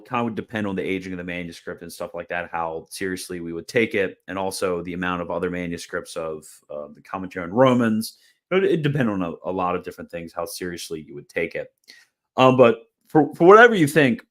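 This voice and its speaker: A man with a fairly low voice talks through a casual explanatory video lecture. His delivery is chatty and informal. He often doubles back on his words, and a dry, mildly sarcastic streak runs through it. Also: brisk. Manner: chatty and informal, repeats words and restarts phrases. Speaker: host of a theology video channel.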